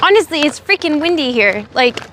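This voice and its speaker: A high-pitched young woman streams from a windy park, chatting with her viewers and sounding a bit sick and tired. She talks in a sassy, rambling way. Faint outdoor ambience runs behind her phone mic. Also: very animated, fairly quick, a bit bright. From Oregon, USA. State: sick, low energy. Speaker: livestreamer. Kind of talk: casual chat with live chat. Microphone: phone on a selfie stick.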